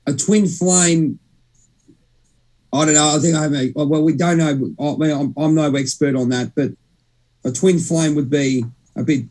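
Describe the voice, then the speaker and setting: The young man here has a fairly high, slightly mellow voice with a steady tone and moderate pace. As a podcast co-host in a casual spiritual chat, he rambles, interrupts himself, and swears a little.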